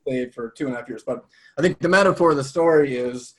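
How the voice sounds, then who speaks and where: A man as an interview guest telling a personal story in a casual, animated way. He swears freely. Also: medium pitch, quick pace.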